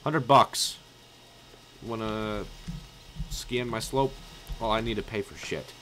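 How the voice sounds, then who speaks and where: A man giving excitable, jokey, profane commentary while playing a game. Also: lowish voice, slow pace, long pauses, a little hiss or hum. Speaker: let's play host. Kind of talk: gameplay commentary.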